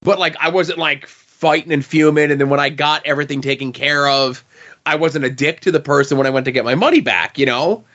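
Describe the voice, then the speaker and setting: A man's voice: on the high side, a little fast, a bit bright, dull audio. A man hosting a podcast in casual chat, easygoing and joking, trailing off with fillers. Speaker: podcast host.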